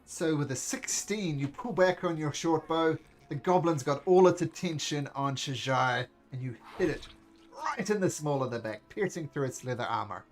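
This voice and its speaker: Animated man running a tabletop game. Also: fairly high pitch, normal speed. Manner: animated, breaks into goblin voices, counts out movement. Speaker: game master. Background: faint music.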